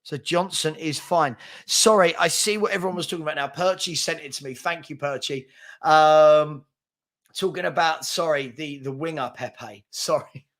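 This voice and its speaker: Reading viewer comments on a casual live football stream, this host, a man in his 40s, sounds tired from an early start. His voice is a little high and a bit bright, his pace moderate, and his talk chatty, rambling and self-deprecating.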